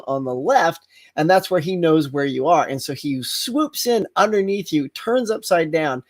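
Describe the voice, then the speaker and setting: A middle-aged man hosting a casual livestream chat, telling stories with lots of laughter and acted-out yells. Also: a little high. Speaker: host.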